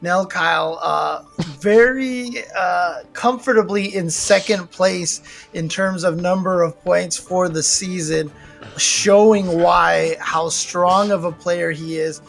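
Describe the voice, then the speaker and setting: An American man commentating a fighting game tournament in a relaxed, chatty way, with lots of fillers. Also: sits high, takes it slowly, creaky, soft background music. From United States. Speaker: esports commentator. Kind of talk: casual commentary.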